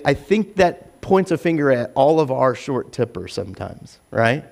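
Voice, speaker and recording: High-voiced man giving a chatty sermon. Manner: chatty and animated, acts out quoted voices, self-deprecating asides. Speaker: pastor. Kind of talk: casual conversational sermon. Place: church.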